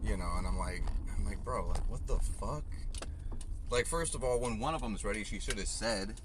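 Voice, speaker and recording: Young man, delivery driver, angry profane rant, lowish voice, in a car, clear road noise. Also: expressive, fairly quick. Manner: profane, heated ranting. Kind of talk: ranting vlog while driving. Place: inside a car. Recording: noisy in-car recording. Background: car and road noise, navigation prompts.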